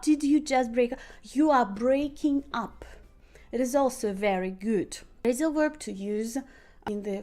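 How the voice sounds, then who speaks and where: Loud-spoken woman teacher. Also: on the high side. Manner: speaks loudly by habit; acts out example phone lines. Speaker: English teacher. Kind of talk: podcast lesson on phrasal verbs.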